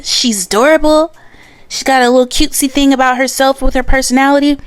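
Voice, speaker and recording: Woman hosting a chatty podcast, sassy and blunt, kinda high voice, dry close sound. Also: normal speed, fairly bright tone, no echo. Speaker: podcast host. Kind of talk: casual pop-culture commentary.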